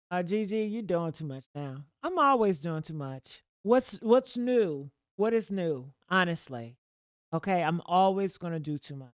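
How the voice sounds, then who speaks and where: A woman hosting a livestream, chatting casually with her viewers in a profane, gossipy way with sudden loud outbursts. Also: mid-range voice, lively intonation, moderate pace, smooth, no room sound, clean studio sound. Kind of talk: casual gossip commentary to a live chat.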